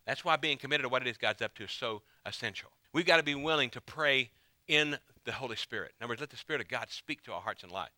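A man's voice: mid-range voice, expressive, fast, sharp tone, no echo. A male pastor preaching a sermon in an emphatic way, repeating key phrases to drive them home.

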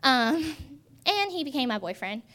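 A woman's voice: high voice, sing-song, sharp tone. Earnest young woman sharing her testimony. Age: 20s. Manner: earnest, halting with many ums. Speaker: testimony speaker. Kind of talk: personal faith testimony.

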